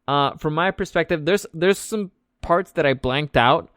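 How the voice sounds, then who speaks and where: A young man with a slightly higher-than-usual voice tells a rambling, joking recap of a night out, cursing casually as he goes. The sound is dry and close, with no room around it. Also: unhurried, a bit bright, no echo. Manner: loose and joking, swears freely. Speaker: vlog host recapping an event.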